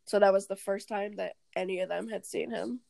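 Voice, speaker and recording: Young woman podcast cohost, gravelly voice, dry close sound, laughs a lot. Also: medium pitch, fairly even intonation, fairly quick, dark tone, no room sound. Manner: laughs often, acts out quoted lines. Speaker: podcast co-host. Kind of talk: casual movie recap chat.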